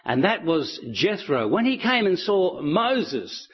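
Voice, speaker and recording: A man telling stories to an audience in a relaxed, chatty way. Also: high-pitched, takes it slowly, husky, muffled recording. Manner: relaxed, chatty, with light laughs. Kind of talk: storytelling talk to an audience.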